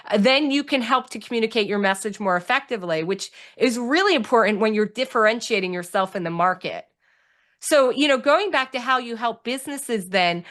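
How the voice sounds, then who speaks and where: A woman's voice: on the high side, fairly bright tone. A woman hosting a podcast, asking long, rambling questions with enthusiasm. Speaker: podcast host. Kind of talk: casual interview talk.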